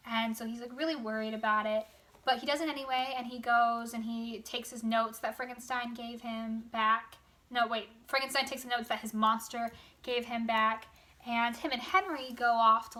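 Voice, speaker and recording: A woman's voice: a little high, sharp tone. A young woman with a sore throat casually summarizing a novel, rambling with lots of fillers and slangy asides. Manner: rambling, filler-heavy retelling with quick casual quoted voices. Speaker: book summarizer. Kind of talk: casual spoken book summary.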